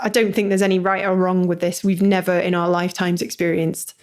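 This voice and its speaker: A woman hosting a podcast interview over a video call, chatting warmly and reassuringly with frequent laughs. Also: lowish voice, flat delivery, fairly quick. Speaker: podcast host. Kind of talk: casual interview chat.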